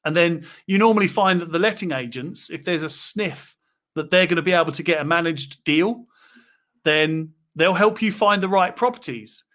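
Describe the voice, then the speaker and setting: A chatty man with a slightly higher voice than most. He talks loosely and casually, full of ums and restarts, as he hosts a live chat. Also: moderate pace. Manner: chatty, relaxed, many fillers. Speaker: property investor and host.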